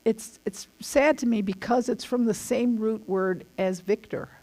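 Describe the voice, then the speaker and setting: A woman's voice: on the high side, a little slow, mellow. A middle-aged woman giving a casual spoken teaching, earnest and emphatic in a conversational way.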